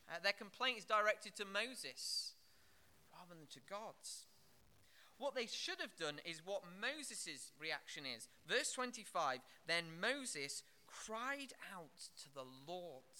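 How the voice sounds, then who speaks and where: A man's voice: high-pitched, bright, forceful tone. A man preaching an expository sermon, with frequent fillers and restarts.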